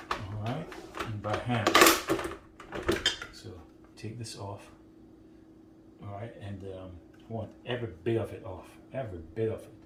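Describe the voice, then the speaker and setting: Chatty low-voiced man teaching in a clattering kitchen. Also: heavy background noise. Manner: chatty, often checks in with 'right?'. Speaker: home cook host. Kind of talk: casual cooking demonstration. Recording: roomy kitchen with loud clattering.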